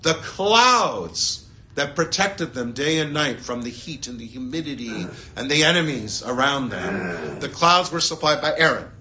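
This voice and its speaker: A man teaching a Torah lesson in a lively way, full of rhetorical questions and playful asides. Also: mid-range voice, measured pace, slight background noise. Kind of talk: animated classroom Torah lesson.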